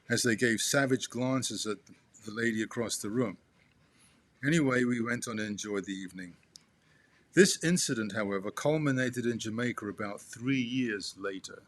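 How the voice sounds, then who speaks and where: Man reading a memoir aloud, halting. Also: lowish voice, a bit bright. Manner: halting, restarts and talks to the listener as "you". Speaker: son reading aloud to his father.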